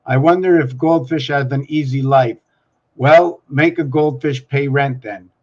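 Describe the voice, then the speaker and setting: A man's voice: mid-range voice, a little slow, darkish tone, dull audio. A man hosting his own vlog, musing aloud in a wandering, free-associating way and talking to himself and the camera. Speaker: channel host. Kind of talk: rambling solo vlog musings.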